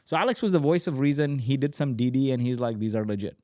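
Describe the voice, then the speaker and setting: A man in his forties, a startup founder telling his story as a podcast guest, animated and acting out quoted dialogue. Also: medium pitch, fast talker, dry recording, clean studio sound. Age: 40s. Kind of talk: energetic storytelling.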